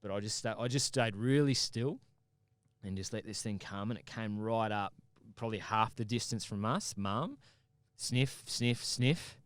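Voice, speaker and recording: A man telling an animated, sweary story in casual podcast conversation. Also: fairly low pitch, normal speed, no room sound. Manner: animated, swears freely, acts out his own shouts. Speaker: podcast guest.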